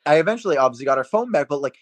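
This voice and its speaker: A man's voice: a little high, lively intonation, rapid-fire, no echo. A young man from Massachusetts, a podcast co-host telling stories in casual chat with lots of laughter and swearing. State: day drinking.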